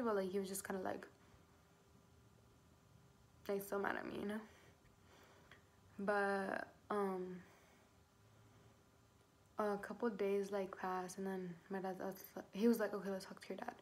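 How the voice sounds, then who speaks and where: A woman's voice: medium pitch, a little hiss or hum. Chatty, cursing pregnant teen girl vlogging. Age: teens. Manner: chatty, swears freely, heavy filler "like". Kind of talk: casual storytelling to camera.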